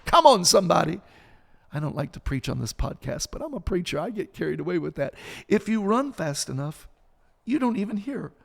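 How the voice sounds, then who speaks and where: A man's voice: high voice, very animated, brisk, creaky, a little mellow, big-room sound. A man in his sixties, a pastor, preaching with passion on a podcast and building emphasis through repetition. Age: 60s. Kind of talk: sermon-style podcast talk.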